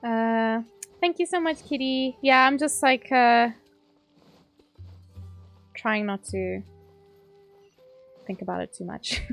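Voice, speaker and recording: A woman's voice: fairly high pitch, vocal fry, a bit bright. Chatty South African woman streamer. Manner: chatty, rambling, laughs often. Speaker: game streamer. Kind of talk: casual chat while playing.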